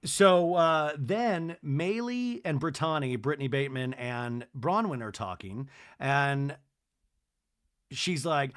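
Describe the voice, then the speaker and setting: A man's voice: fairly high pitch, expressive, takes it slowly, a bit bright, no echo, studio quality. Chatty man recapping a reality show. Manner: chatty, gushing, trails off and restarts. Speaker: podcast host. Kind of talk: casual episode recap.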